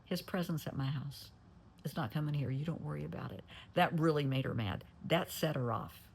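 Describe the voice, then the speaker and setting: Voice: medium pitch, a little fast, creaky, a little hiss or hum. A therapist retelling a client's story, getting emotional and dropping to a near whisper at times. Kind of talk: telling a story.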